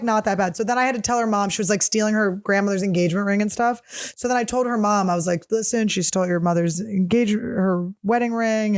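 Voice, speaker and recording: A woman's voice: medium pitch, no room sound, studio quality. A woman in her thirties hosting a solo podcast, telling rambling, profane, jokey stories in a casual chat. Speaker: podcast host.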